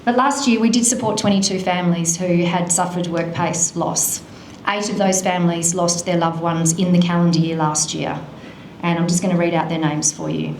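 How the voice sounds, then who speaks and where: A woman's voice: lowish voice, steady tone, a little mellow, slight background noise. A woman giving an earnest, emotional speech at a charity event. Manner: earnest, emotional, slow and measured. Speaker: charity speaker. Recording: echoey hall.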